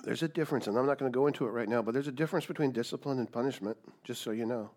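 A male pastor delivers a sermon in an emphatic way. He leans on rhetorical questions and repeats key words, with a voice of ordinary middle pitch for a man. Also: racing, a little mellow. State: coughing, dry throat.

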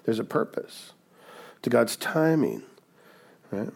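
A man's voice: medium pitch, huge pitch swings, slow, creaky, slightly rough. Man preaching with conversational "right?" asides. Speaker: pastor. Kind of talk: sermon.

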